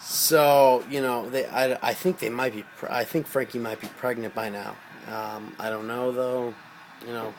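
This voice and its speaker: A man telling a personal story in casual, rambling speech, swearing freely and getting loud when he quotes himself. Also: medium pitch. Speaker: storyteller recounting a personal experience.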